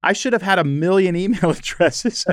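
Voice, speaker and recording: A male podcast host telling stories in an animated, chatty way, often using "you know". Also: high voice, moderate pace. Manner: animated storytelling, frequent "you know" fillers. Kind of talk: conversational interview.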